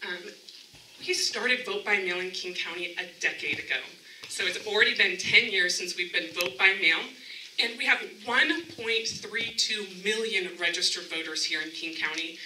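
A woman's voice: lowish voice, moderate pace, pushed and bright, slight background noise. A woman, a county elections director, giving an upbeat presentation at a community town hall meeting and chatting with the audience. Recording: echoey room, mic from a distance.

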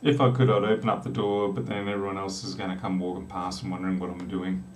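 Aussie guy coding on stream, lowish voice, rambly jokey asides, bit far from the mic in a roomy little room. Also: level tone, fast, slight background noise. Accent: Australian. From South Australia. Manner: rambling, joking asides while typing. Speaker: programmer live-streaming. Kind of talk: casual live coding chat. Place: small room with a door. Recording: distant mic in echoey room.

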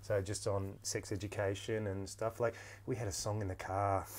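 A man's voice: on the low side, flat delivery, moderate pace, a little hiss or hum. A man hosting a podcast interview, telling stories in a chatty way with lots of restarts and easy laughter, into a podcast microphone. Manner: chatty storyteller, laughs easily, many restarts. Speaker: podcast host. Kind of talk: casual interview chat.

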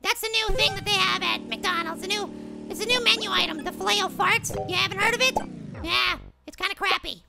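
A man voicing a tiny, excitable male cartoon apple who plays a mobile game, with frustrated outbursts and silly alliterative exclamations. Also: very high-pitched, brisk, vocal fry, heavy background noise, heavily acted. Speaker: let's play gamer. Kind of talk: cartoon character game commentary. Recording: loud music under the voice.

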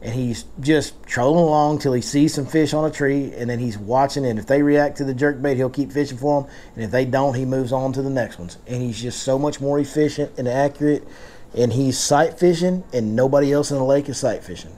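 A man's voice: medium pitch, a little fast, dark tone. A man hosting a casual fishing seminar, telling stories and joking in Southern slang. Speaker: fishing guide and seminar host.

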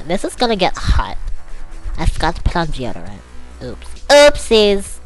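A woman's voice: low voice, exaggerated voice. A woman doing a bratty, spoiled rich socialite. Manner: valley-girl drawl, gasps and whiny "ugh"s; screams in furious tantrums. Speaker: gameplay commentator. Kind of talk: let's-play commentary in character.

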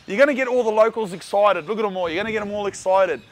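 A young Australian man hosting a food vlog, chatting in a loud, joking, slangy way. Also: high-pitched, very fast, soft background music. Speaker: food vlogger host. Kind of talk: casual vlog chat.

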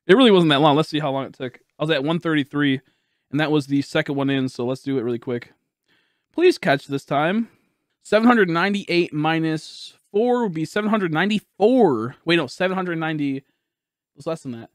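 A young male streamer with a high, bright voice that swings widely between lows and highs. He talks in loud, exasperated bursts, laughing and swearing at his game. The sound is dry and close to the mic. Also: animated, a little fast, no echo. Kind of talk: live game stream commentary.

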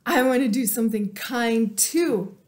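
A woman voicing an eager, playful, friendly male dog in a storybook, sounding excited. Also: on the high side, a little slow, close to an everyday voice.

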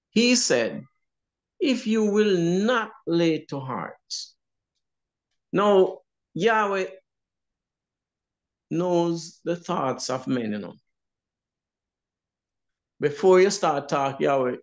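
A Jamaican-accented man leads a Bible class at an unhurried pace. His voice sits a little high for a man and carries a noticeable room echo. He teaches with emphasis, returning again and again to "you see?". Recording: roomy echo.

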